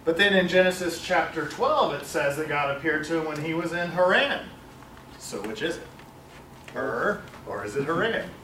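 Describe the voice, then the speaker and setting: A man's voice: a little high, animated, moderate pace, bright, forceful tone, a little hiss or hum. A man leading a Bible study class, talking informally and correcting himself, with lots of fillers. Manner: rambling, self-correcting, with many fillers. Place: classroom with a large screen. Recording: echoey room, far from mic.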